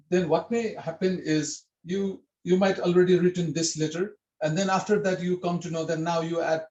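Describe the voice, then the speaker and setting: A man's voice: fairly high pitch, darkish tone, echoey room, poor audio. A man teaching a writing script in an online lesson, explaining patiently and repeating himself with many fillers over a video call.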